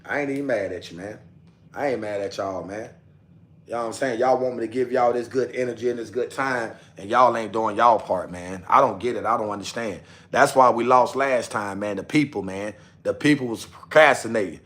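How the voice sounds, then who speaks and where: A man's voice: fairly low pitch, fairly quick, fairly bright tone. Man livestreaming, repetitive and coaxing. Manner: repetitive, coaxing viewers, talks straight to chat. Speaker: livestream host. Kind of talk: casual livestream chat.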